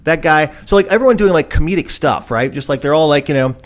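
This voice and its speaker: A man co-hosting a podcast, chatting in an animated, rambling way full of fillers and quick mimicked voices. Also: on the high side. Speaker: podcast co-host. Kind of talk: casual chat.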